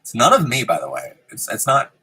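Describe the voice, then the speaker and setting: A man's voice: mid-range voice, huge pitch swings, brisk, bright, forceful tone, slightly rough, rough recording. A man hosting a live stream in casual chat, giggling often and rambling with frequent ums, in a room with a fan running. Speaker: host of a live-streamed show.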